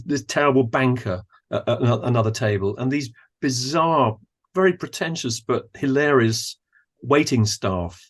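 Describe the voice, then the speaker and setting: A man, a guest on a podcast, who talks thoughtfully and admiringly, often pausing to search for words. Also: mid-range voice. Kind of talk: thoughtful conversational discussion.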